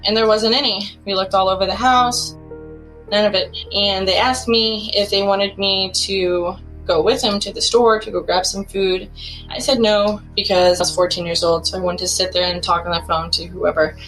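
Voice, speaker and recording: Woman, casual storyteller, rambling with filler words, animated, middle pitch, faint music underneath. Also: moderate pace, poor audio. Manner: rambling, heavy use of "like" fillers; animated retelling with bursts of rising pitch. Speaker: caller sharing a true ghost story. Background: faint music bed.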